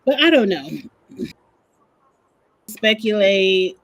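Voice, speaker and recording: A woman co-hosting a casual chat show, relaxed and conversational as she speculates. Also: mid-range voice, takes it slowly. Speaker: podcast co-host.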